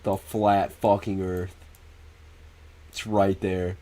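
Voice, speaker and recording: A male livestreamer with a deep, mellow, level voice chats casually with viewers, speaking slowly. He's loose and profane, laughing and answering them directly.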